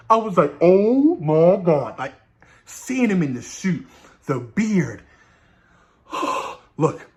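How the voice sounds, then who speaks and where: A young man hosts his own movie review channel and talks straight to his viewers. He gushes with excitement and swears freely, and his voice leaps up and drops down all the time. It sits a touch higher than most men's. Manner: hyped, gushing, swearing often.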